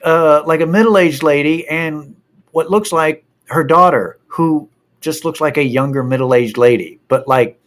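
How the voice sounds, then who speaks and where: A man casually telling a personal anecdote, animated and profane as he gets worked up. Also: mid-range voice.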